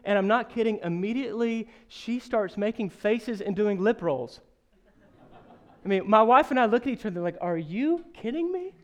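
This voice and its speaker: A man in his thirties delivers a sermon in a high, smooth, clear voice. He tells stories with self-deprecating humor. Then he builds to emphatic rhetorical questions and drops to a soft, earnest hush. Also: normal speed. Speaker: pastor.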